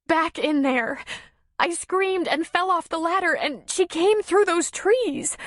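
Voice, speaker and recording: Shaken young woman, voiced by a woman narrator, high trembling voice, breathless, audiobook, dry sound. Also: slow pace, a bit bright, no room sound, full character voice. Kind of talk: audiobook character voice.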